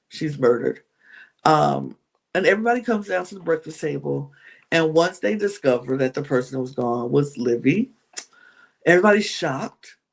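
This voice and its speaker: A woman hosting a podcast, recapping a reality show in a chatty, animated way with many restarts. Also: sits low, gravelly.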